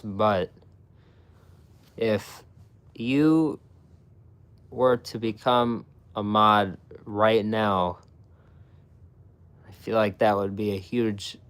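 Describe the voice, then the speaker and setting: A man's voice: lowish voice, fairly bright tone, smooth. A young man streaming live, chatting casually with his viewers and swearing a lot. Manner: profane, talks to chat.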